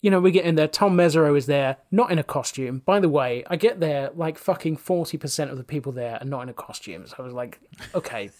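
Animated man telling a story. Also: fast, hardly any pauses. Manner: animated storyteller, acts out his own quotes with big jumps in pitch, swears casually. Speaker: podcast guest, journalist. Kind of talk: casual anecdote telling.

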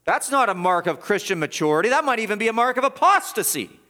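A middle-aged male pastor preaching verse by verse, swinging from loud emphatic peaks to low, quiet asides. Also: sing-song, fast talker. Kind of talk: expository sermon.

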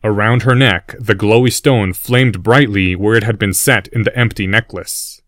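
A man narrating a fantasy story in a steady, scripted reading. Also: on the low side, moderate pace, no echo, clean studio sound.

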